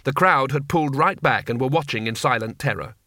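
A man reading a novel aloud as the narrator, expressive and animated. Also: mid-range voice, brisk, dry recording, studio quality. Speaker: audiobook narrator. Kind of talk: scripted narration.

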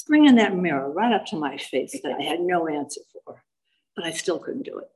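An older woman giving a personal recovery testimony as a meeting speaker, telling her story with animated emphasis and repeated phrases. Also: on the low side, brisk, rough recording.

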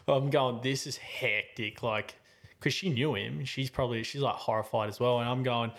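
Casual podcast chat from a young man, animated, mid-pitched, lots of fillers and restarts. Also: normal speed. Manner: animated, voice jumping up and down with the story; slangy, rambling with many fillers and restarts. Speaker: podcast host.

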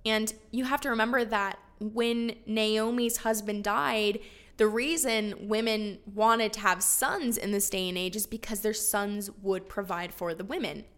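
A woman's voice: mid-range voice, fairly even intonation, measured pace, a bit bright. A woman teaching a casual Bible story lesson in a bubbly, chatty way, full of laughing asides.

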